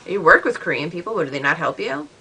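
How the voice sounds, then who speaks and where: Young woman, casual vlog reply to a friend, chatty and animated, bright tone. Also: lowish voice, quick pace, slight background noise, poor audio. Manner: chatty, filler-heavy, animated retellings. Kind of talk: casual video message.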